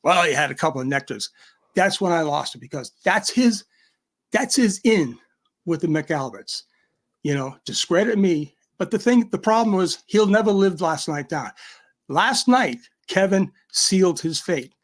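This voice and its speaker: Combative Boston man, higher pitch. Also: lively intonation, unhurried. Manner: combative, emphatic, talks in bursts. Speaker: guest. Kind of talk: heated livestream rant.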